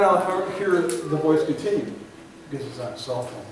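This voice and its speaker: A man preaching from the pulpit, his voice set a little higher than most, rising to loud emphatic peaks and then falling quiet to stretch out a phrase. He is caught from well back in a big, echoing sanctuary, with room noise clearly underneath. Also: expressive, normal speed. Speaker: pastor. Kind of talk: sermon. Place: church sanctuary. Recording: echoey hall, recorded from far off, audible room noise.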